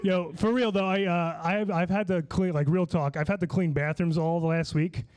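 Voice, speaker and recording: A man with a somewhat high voice performs rambling stand-up in a small comedy venue. He sounds slightly tipsy and slurs his words a little. His delivery is loose and casual, full of restarts and swearing. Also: steady tone, normal speed, darkish tone. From Long Island, New York.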